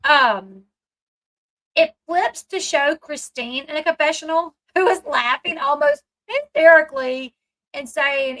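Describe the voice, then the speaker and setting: A woman's voice: sits high, lively intonation, unhurried, a bit bright, low-quality recording. A woman hosting a casual commentary recap, retelling scenes chattily and acting out what people said. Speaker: commentary channel host.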